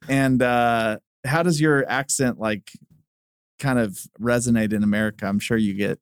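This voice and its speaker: A man's voice: mid-range voice, steady tone, normal speed, smooth, dry recording, studio quality. A man hosting a podcast, asking curious, friendly questions in a casual, chatty way. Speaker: podcast host. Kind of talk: casual interview chat.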